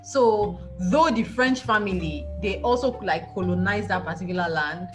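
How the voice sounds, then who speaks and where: A woman from Nigeria talks books in a loose, lively podcast chat. She laughs often, piles up repeated words when excited, and her voice sits in a middling register. Music plays clearly beneath her. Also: mid-range voice, normal speed. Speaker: podcast co-host. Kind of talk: casual chat about books.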